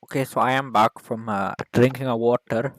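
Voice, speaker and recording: A man giving a mock lecture in a video, rambling and hesitant, full of fillers, deadpan, with broken grammar. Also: mid-range voice, moderate pace, dry recording, low-quality recording. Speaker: video maker.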